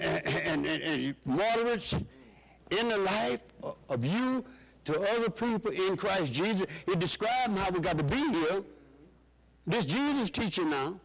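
High-voiced preacher calling out. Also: male voice, gravelly, fairly bright tone, rough recording. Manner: call-and-response preaching, rising and dropping pitch. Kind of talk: sermon.

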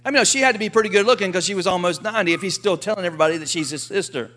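A man preaching a sermon in a lively, folksy way, acting out quotes from the story. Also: high-pitched, racing. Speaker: pastor.

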